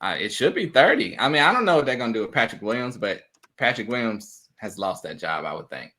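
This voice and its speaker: A man guesting on a sports podcast in a casual chat, easygoing and quick to laugh. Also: medium pitch, very animated, sharp tone.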